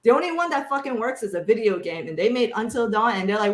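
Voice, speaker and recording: A woman's voice: on the high side, expressive, fast talker, a little hiss or hum. A woman filmmaker on a panel, ranting with passion, blunt, sassy and swearing heavily. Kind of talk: impassioned rant in a panel chat. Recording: echoey room.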